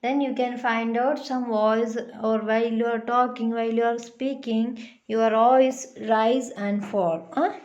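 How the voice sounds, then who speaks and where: A woman's voice: on the high side, steady tone, darkish tone, lo-fi sound. A woman teacher giving a classroom lesson, explaining patiently and checking in with her pupils. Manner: slow, patient, checks in with "huh?".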